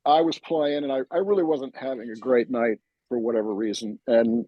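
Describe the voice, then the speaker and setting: A man's voice: medium pitch, normal speed, no room sound, lo-fi sound. A male drummer recalling old lessons in casual chat, rambling with lots of fillers and restarts. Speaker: drummer and host.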